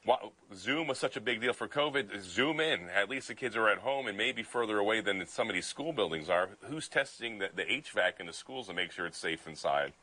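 Deep-voiced fired-up man from Pennsylvania. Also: lively intonation, brisk, few pauses, pushed and bright, rough recording. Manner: fired-up, indignant, many restarts. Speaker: state legislator. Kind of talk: remote news interview.

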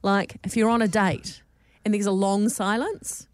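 A woman's voice: mid-range voice, fairly even intonation, a little slow. A woman, hosting casual radio chat in a chatty, giggly way with plenty of fillers. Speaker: radio host.

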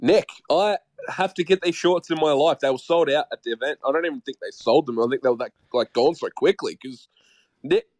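A man co-hosting a podcast in casual chat, excitable and swearing, often calling his co-host by name. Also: a little high, a little fast, no room sound.

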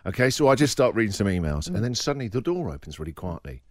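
A man's voice: lowish voice, fast, dry recording, studio quality. A middle-aged man hosting a radio show, telling a funny story in casual chat with jokes and laughter. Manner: animated, jokey, laughing storyteller.

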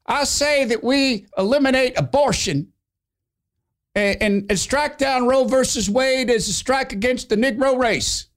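A man doing a squeaky eager meeting member. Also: measured pace, a bit bright. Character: excitable high-voiced man at a meeting.

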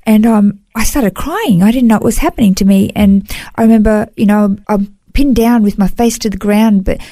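Warm woman telling her story. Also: mid-range voice, moderate pace, no room sound. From Australia. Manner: earnest, emotional storytelling with frequent "you know". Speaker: interview guest. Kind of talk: personal testimony in an interview.

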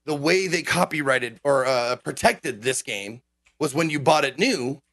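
A man's voice: medium pitch, measured pace, dry recording. A man who streams games, ranting in a casual podcast chat and swearing often. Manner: animated ranting, frequent swearing. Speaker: game streamer.

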